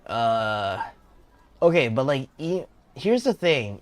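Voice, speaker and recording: A man's voice: mid-range voice, very animated, unhurried, a little mellow. A man streaming a game, chatting casually, rambling and correcting himself with slang. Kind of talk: casual gameplay commentary.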